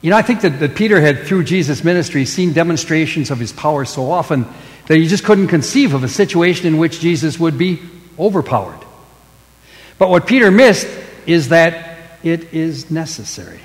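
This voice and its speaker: A pastor preaching a sermon, with emphatic stresses that fall away into hushed line endings. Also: male voice, fairly high pitch, lively intonation, a little fast, big-room sound, poor audio.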